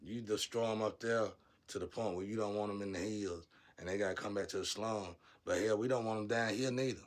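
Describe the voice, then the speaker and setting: A man vlogging a blunt, profane rant, scolding his viewers and swinging from low muttering to loud shouting. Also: fairly quick. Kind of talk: ranting monologue to camera.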